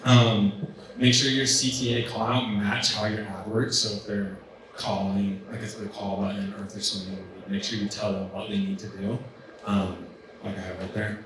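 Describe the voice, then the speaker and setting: A man's voice: fairly low pitch, flat delivery, moderate pace, a bit bright. A man coaching a room of business owners in a loose, conversational way, full of ums and likes. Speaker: business coach presenting at a trade event. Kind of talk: casual workshop presentation. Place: large event room with an audience. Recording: very echoey hall, distant mic, faint hiss.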